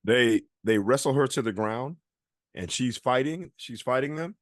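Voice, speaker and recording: A man's voice: medium pitch, expressive, a little slow, no room sound, clean studio sound. A man co-hosting a podcast, telling a long story in a casual chat and acting out the people he quotes. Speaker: podcast co-host.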